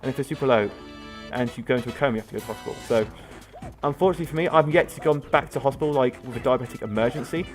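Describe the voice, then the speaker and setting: Speaking very fast in a mid-range voice, this young gaming video host rambles through casual let's-play commentary while playing. His chatty storytelling is packed with fillers, and soft music plays in the background.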